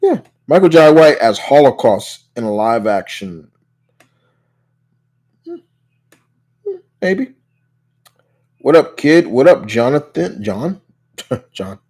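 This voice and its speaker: Here the host of a live Q&A stream talks slowly in a mid-range, darkish voice, with big swings in pitch and long pauses. He reads viewers' questions and rambles through replies, restarting repeatedly and leaning on "you know."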